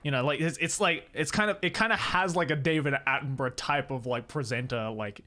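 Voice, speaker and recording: A man's voice: fairly high pitch, a little fast, sharp tone, soft background music. Chatty male streamer with laughs. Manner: chatty, laughs often, lots of fillers. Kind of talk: casual chat.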